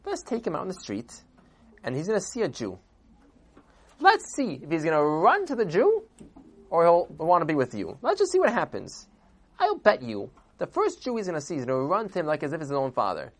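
A man voicing a calm, kindly older bishop in a told story, speaking softly and in a measured way. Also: on the high side, voice pushed up, full character voice. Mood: calm, knowing.

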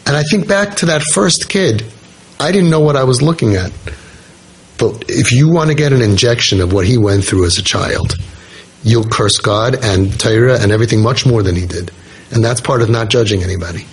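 A man's voice: medium pitch, brisk, slightly rough. A man telling a personal story in an informal talk to a listening group. He speaks earnestly, restarts his sentences often and mixes in religious Hebrew terms. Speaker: speaker on parenting podcast.

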